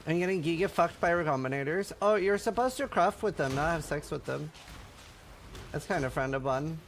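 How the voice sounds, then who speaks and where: A man's voice: on the high side, brisk, a little hiss or hum. A man streaming casually, joking and chatting with his viewers. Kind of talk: casual livestream chat.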